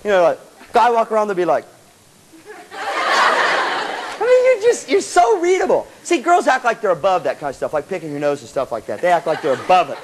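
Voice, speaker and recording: Brief: high-voiced male speaker, animated storyteller, lively live seminar delivery. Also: moderate pace, pauses often, background noise. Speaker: motivational speaker to student bands.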